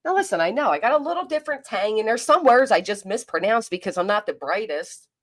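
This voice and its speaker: A woman with a South Jersey accent near Philadelphia hosts a casual live stream. She is blunt and mocking, swears freely, and reads her chat aloud between rants. Her voice sits at an ordinary middle pitch. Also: sing-song, fast talker. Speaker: commentary streamer.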